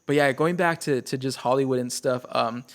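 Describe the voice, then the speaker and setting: A man hosting a podcast in a relaxed, casual way, using lots of fillers as he steers the guest to his next topic. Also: medium pitch, a little fast. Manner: relaxed, laid-back, filler-heavy questioning. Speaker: podcast host.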